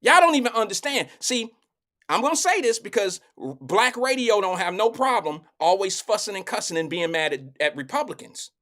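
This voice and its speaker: Man, middle-aged, live talk show host, animated, preachy, colloquial, somewhat high voice. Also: normal speed.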